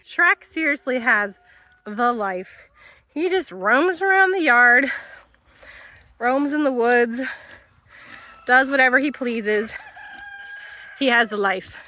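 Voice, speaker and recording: A woman's voice: animated, slow pace, long pauses, sharp tone. A woman vlogging casually on her farm as she moves animals, talking into a phone outdoors and chatting along. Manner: chatty, switches to high baby-talk with animals. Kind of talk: casual vlog narration while doing farm chores. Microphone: phone held while walking.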